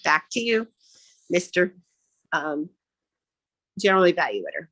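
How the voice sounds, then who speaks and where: A woman's voice: fairly low pitch, big pitch swings, unhurried, a bit bright, no echo. A woman evaluating a speech on a video call, frank and a little hesitant.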